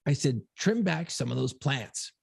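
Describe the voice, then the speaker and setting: A man co-hosting a podcast, telling a long story in a casual, profane, animated way. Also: mid-range voice, a little slow, vocal fry, slightly rough. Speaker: podcast co-host.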